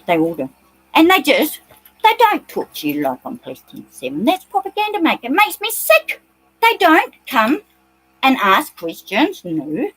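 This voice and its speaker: A woman's voice: fairly high pitch, wildly swooping pitch, normal speed, a bit bright, slightly rough, no room sound, soft background music, poor audio. A woman with a New Zealand accent, ranting agitatedly in a rambling monologue and swearing often.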